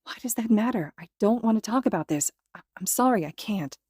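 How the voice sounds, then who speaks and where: Podfic: female reader voicing a fragile young man whose voice climbs when cornered; mellow tone. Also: animated, fairly quick, breathy edge, dry recording, studio quality. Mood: pleading. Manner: voice rising high when distressed. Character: upset young man, pleading then tearful and accusing.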